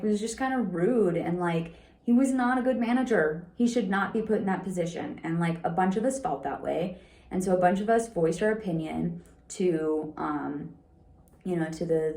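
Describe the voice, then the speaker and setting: A young adult woman talking through a personal experience in an unscripted monologue, rambling and halting, with constant "like" fillers. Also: on the low side, creaky, warm tone, reverberant. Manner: rambling, heavy use of "like", halting restarts. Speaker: vlogger sharing personal experience.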